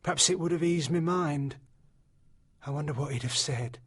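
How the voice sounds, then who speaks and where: A man's voice: fairly high pitch, moderate pace, husky, voice pushed up. A man voicing a lonely, bored planter's wife, a former actress who chatters to herself full of regret. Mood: wistful, regretful. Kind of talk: audiobook character voice.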